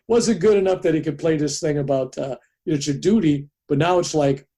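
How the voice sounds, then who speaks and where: A man in his seventies, a podcast guest, telling a personal story in an animated way and acting out the people in it. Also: a little high, moderate pace, hardly any pauses, breathy edge. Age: 70s.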